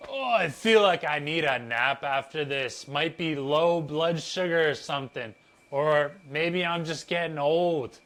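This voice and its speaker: A man's voice: a little high, a little slow, fairly bright tone. A man voicing a tired, sluggish young office worker who groans and complains. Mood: groaning.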